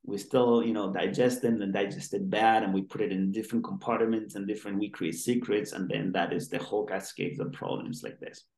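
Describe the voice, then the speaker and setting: A man's voice: fairly low pitch, steady tone, fairly quick, gravelly, few pauses, a little mellow. A male doctor being interviewed, who talks in an earnest, rambling way with many restarts. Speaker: guest doctor. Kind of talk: interview conversation. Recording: roomy echo.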